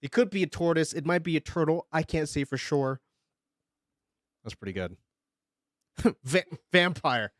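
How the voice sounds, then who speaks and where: A man streaming live, chatting casually and joking as he reacts, laughing often and breaking into excited bursts. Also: a little high, unhurried, pauses often, no room sound, studio quality. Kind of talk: casual live-stream commentary while drawing.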